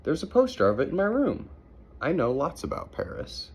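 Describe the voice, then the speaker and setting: An eager, chatty little storybook girl, as a father reads her lines aloud. Her voice rides a touch higher and swings through lively, bouncing rises. Faint hiss sits under a bedtime read. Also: moderate pace.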